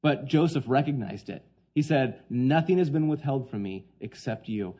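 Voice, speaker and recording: A man preaching a sermon, swinging between hushed quoted lines and loud, emphatic points. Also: mid-range voice, animated, normal speed, few pauses, muffled recording.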